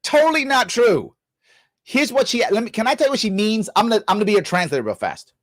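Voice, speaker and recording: A man's voice: high-pitched, fast, dry recording. A middle-aged man hosting a live reaction show, ranting in a sarcastic, scolding way. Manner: animated, scolding, sarcastic, swearing. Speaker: show host reacting to a clip. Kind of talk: heated live-stream commentary.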